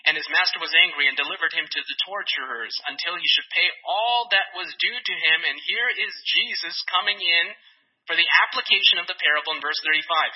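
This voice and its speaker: A pastor preaching a sermon in a church, emphatic and slowing down to dwell on key phrases. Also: mid-range voice, animated, husky. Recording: dull lo-fi sound.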